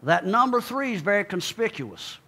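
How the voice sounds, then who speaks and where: A man preaching a sermon, speaking emphatically and calling out to his congregation, then dropping low and quiet for asides. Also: very animated, normal speed, slight background noise.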